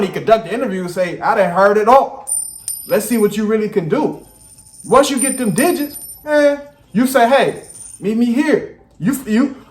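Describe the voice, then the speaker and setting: A man, hosting a reaction video and giving blunt, profane, animated commentary. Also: high-pitched. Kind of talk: casual commentary. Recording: echoey room with faint music.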